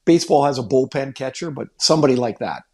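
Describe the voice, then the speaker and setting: A man's voice: medium pitch, expressive, fast talker, dark tone. A man co-hosting a hockey podcast, chatting casually and thinking aloud with frequent restarts. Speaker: podcast co-host. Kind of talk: casual sports chat.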